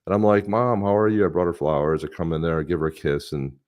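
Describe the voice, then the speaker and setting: A man's voice: very deep voice, fast talker, a little mellow. A man in his sixties co-hosting a livestream, telling rambling stories in casual chat. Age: 60s. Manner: rambling, storytelling, laughs often. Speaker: livestream co-host.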